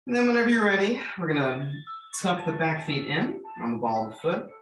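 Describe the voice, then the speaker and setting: A man in his thirties leading a gentle yoga class, giving calm cues for breath and movement with light joking asides. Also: on the high side, a little fast, faint music behind. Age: 30s. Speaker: yoga instructor. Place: church room. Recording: roomy, from far off the mic.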